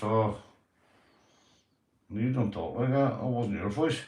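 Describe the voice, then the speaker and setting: A man's voice: fairly low pitch, animated, measured pace, pauses often, darkish tone. A man with a Northern Irish accent chatting casually on a livestream, swearing freely and calling everyone mate. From Northern Ireland. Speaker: YouTube livestreamer. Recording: roomy echoey room sound.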